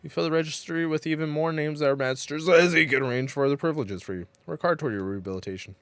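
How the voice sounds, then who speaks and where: A man's voice: on the high side, quick pace, no room sound, close to an everyday voice. A man voicing a stern, pompous warden in a bossy, clipped dramatic reading of game dialogue.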